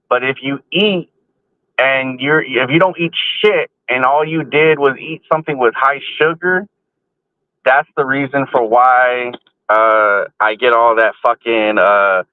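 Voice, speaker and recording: A man's voice: mid-range voice, dry recording. A man talking bluntly and with heavy profanity in a casual vlog, recorded inside a car on a phone. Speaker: vlogger. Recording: tinny phone-like, dry sound.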